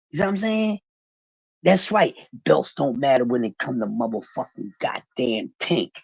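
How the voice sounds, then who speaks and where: Man with a husky, lively voice. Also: medium pitch, dry recording, muffled recording. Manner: profane, animated, talking back to chat. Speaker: livestream host. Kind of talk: casual livestream boxing rant.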